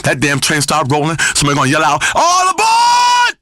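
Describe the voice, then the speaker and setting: An actor playing a crude, boastful male spiritual-guru radio host, preaching loudly and swinging between growls and shouts. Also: a little high, level tone, racing, dry recording, clean studio sound. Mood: brash. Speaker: radio talk show host. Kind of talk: comedic radio talk show.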